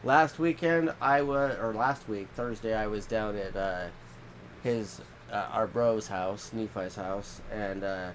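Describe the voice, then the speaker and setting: A man co-hosting a casual podcast, telling rambling stories with a minor head cold and acting out quotes in squeaky voices. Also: slow, background noise. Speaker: podcast co-host. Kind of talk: casual chat.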